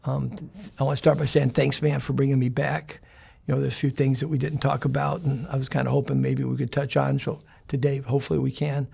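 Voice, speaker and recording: Guy, gravelly and a bit husky, rambling street stories in an interview. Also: medium pitch, flat delivery, fairly quick, a little mellow. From Chicago. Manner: rambling, streetwise storytelling with fillers. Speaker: interview guest. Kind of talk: casual storytelling interview.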